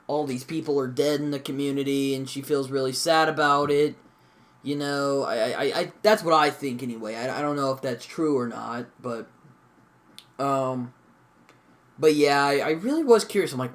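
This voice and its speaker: Young man, casual show review, rambling with fillers, bright tense voice, mid pitch. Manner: rambling, lots of fillers and mild swearing.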